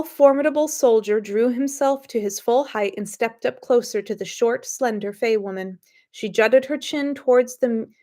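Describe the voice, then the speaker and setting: A woman, the author of the story, who gives a chatty summary with fillers and restarts and then reads her story aloud. She is slightly sniffly and not a professional narrator. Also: medium pitch. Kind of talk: casual story introduction and reading.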